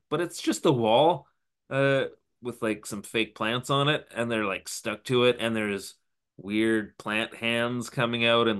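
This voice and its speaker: A man's voice: mid-range voice, pushed and bright, clean tone. Man casually recapping a show. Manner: wry, dry, rambling narration. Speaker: podcast co-host.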